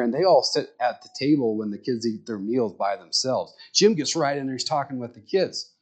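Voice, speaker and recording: A man preaching in a small rural church, telling personal stories in a frank, conversational way. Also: mid-range voice. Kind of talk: sermon told as personal stories.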